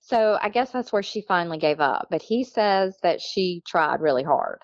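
Gravelly low-voiced woman telling a story. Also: lively intonation, moderate pace, no room sound, muffled recording. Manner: chatty, laughs often, acts out quoted people. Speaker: guest telling her story. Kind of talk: casual storytelling.

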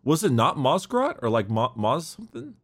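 A man co-hosting a casual book-discussion podcast, talking haltingly with many restarts and fillers. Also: medium pitch, very animated, husky. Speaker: podcast co-host.

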